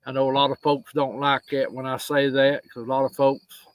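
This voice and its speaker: A man hosting a live stream, talking earnestly and haltingly about faith. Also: medium pitch, little pitch movement, dry recording, poor audio. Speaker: host. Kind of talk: casual live-stream conversation.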